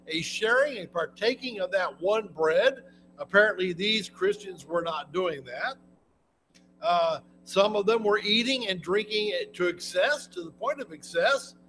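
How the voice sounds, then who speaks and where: A man's voice: sits high, a bit bright, rough recording. A man preaching a Bible lesson in a folksy, conversational way, often restarting his sentences. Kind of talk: sermon, Bible class teaching.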